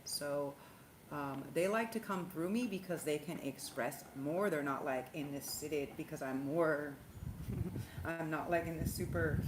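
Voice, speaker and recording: A woman hosting a spiritual livestream in casual chat, rambling and animated, swearing freely and laughing often. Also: low voice. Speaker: spiritual livestream host, tarot reader. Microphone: phone. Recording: roomy echo, faint background hum.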